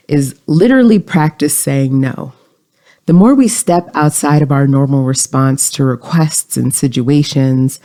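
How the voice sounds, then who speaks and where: Podcast host, mellow and a bit gravelly, calm coaching delivery. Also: medium pitch. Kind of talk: self-help podcast talk.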